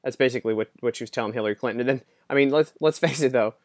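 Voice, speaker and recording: A man's voice: medium pitch, racing, no echo, studio quality. A man delivering a rambling, sarcastic political opinion monologue, laughing often as he mocks. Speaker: political commentator.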